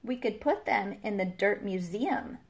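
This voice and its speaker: A woman's voice: medium pitch, a little slow, gravelly. A woman voicing an eager, bossy little girl who loves digging, in a read-aloud picture book.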